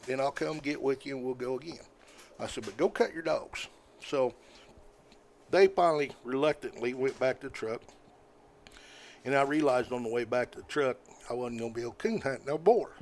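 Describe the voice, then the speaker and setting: An older man, a podcast guest telling stories in a folksy, rambling way, often halting with fillers. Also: medium pitch, slight background noise. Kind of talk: casual storytelling.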